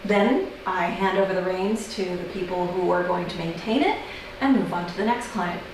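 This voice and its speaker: An American woman doing an observational comedy monologue, wry and deadpan, with sudden high-pitched incredulous outbursts. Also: normal speed, noisy background. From United States. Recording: very echoey room, mic at a distance.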